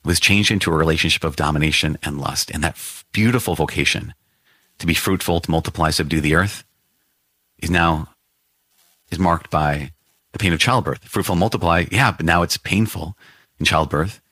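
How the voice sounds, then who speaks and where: An earnest priest gives a devotional teaching in a very low, husky voice. He circles back over his phrases to stress them, and the sound is dry and close. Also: normal speed, sharp tone, no echo. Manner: earnest, repeats phrases for emphasis. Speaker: priest and podcast host.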